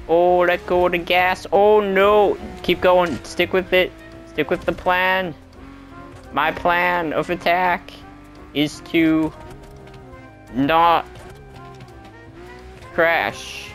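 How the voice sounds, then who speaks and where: Slow-talking, excitable gameplay commentator. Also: mid-range voice, soft background music. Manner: excitable, yelps and exclaims at crashes; talks to self and to the game. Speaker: gaming channel host.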